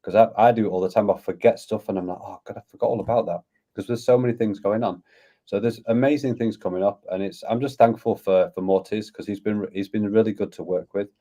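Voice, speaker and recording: Guy w a low mellow voice just rambling on excitedly, casual podcast chat. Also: fast. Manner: eager, rambling, talks at length. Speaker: guest, crypto community founder.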